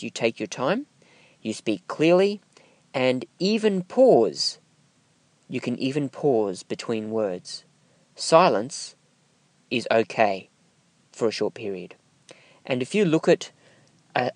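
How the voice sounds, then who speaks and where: A man teaching voiceover technique, speaking slowly and deliberately with emphatic pauses. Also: mid-range voice, a little mellow, dry recording. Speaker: voiceover instructor. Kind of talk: instructional talk to camera.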